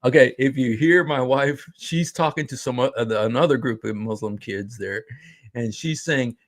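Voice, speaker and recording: A middle-aged man excitedly retelling a street encounter in casual talk, laughing and restarting his sentences. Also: medium pitch, moderate pace. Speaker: street preacher recounting an outreach encounter. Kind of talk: casual talk over a played clip.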